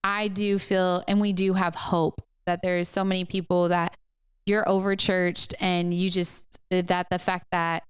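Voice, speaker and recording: A middle-aged woman co-hosting a church podcast, telling a story in a loose, chatty way with lots of fillers. Her voice is very smooth and clear, and sits a little low for a woman. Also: unhurried, no echo, studio quality. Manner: animated storyteller, many fillers and restarts. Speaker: co-host pastor. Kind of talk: casual podcast chat, storytelling.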